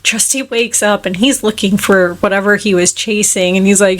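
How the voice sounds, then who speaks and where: A woman at an average pitch, co-hosting a podcast and walking through a film's story in a relaxed, chatty way. She slips into brief quoted voices for the characters as she goes, with small laughs along the way. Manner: retells the plot with quick acted quotes and laughs. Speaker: podcast co-host. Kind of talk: casual film recap chat.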